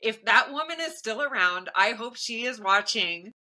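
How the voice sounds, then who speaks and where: Woman, bright tone, podcast co-host, encouraging, casual chat. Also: a little high, lively intonation, moderate pace, rough recording. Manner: warmly encouraging, emotional reactions.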